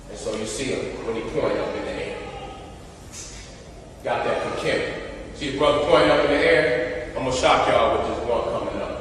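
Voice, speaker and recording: Emphatic man in an echoey hall. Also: slight background noise. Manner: emphatic, repeats short questions to point things out; swings between loud bursts and low asides. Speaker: presenter showing images to an audience. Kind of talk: casual street-talk lecture with slides. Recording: echoey hall from a distant mic.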